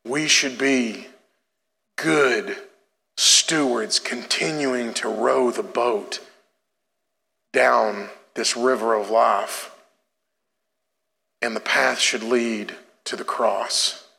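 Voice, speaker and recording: A middle-aged man preaching a sermon in a church, telling a family story in an animated way before turning to exhortation. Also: very slow, vocal fry, long pauses, long reverb tail. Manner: storytelling, animated, rising pitch in anecdotes. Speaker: pastor.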